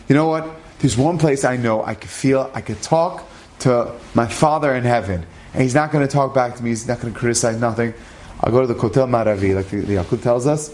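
A man's voice: medium pitch, fast, a little mellow. A man telling a religious story as a lesson, earnest, acting out the dialogue and using Hebrew terms.

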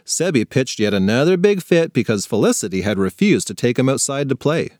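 A man narrating a funny children's story with playful, expressive storytelling on a close mic. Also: medium pitch, brisk, dry recording. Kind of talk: scripted narration for kids.

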